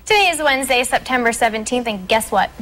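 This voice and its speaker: A young woman hosts a local TV morning show, her voice pitched a little high. She reads contest details and a history segment briskly and teases her co-host. She sounds upbeat in a studio setting. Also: lively intonation, a bit bright, soft background music, low-quality recording. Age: young adult. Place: TV news studio.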